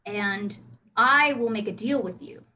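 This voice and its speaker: Woman as a chatty, persuasive demon woman, bright voice, earnest. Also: a little high, a little slow, far from the mic, slight background noise. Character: persuasive female demon, a big talker.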